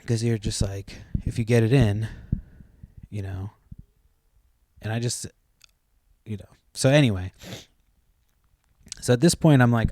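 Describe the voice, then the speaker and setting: A man's voice: on the low side, unhurried, pauses often, darkish tone, no room sound, studio quality. A young man hosting a podcast, telling a long story in a loose, rambling way, swearing freely and trailing off with "like" and "blah, blah". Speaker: podcast host.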